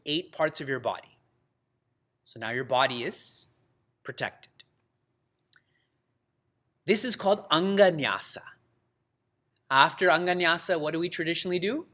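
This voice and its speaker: Slow, bright-voiced spiritual teacher, man. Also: a little high. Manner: lively, asks the class questions, laughs often. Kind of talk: religious class talk.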